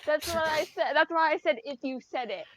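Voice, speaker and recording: A woman's voice: high voice, very noisy. A woman playing a tabletop game, teasing and giggly. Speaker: player. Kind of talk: casual tabletop play.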